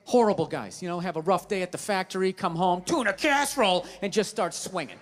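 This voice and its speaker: A man performing a stand-up routine for a live audience, ranting and swearing, with sudden bursts of shouting. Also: high-pitched, expressive, fast, a little hiss or hum. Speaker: stand-up comedian.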